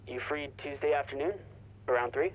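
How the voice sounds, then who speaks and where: An actor voicing a friendly but uneasy recruiter in game dialogue. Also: male voice, medium pitch, a little fast, dull audio, close to an everyday voice. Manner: hesitant, friendly.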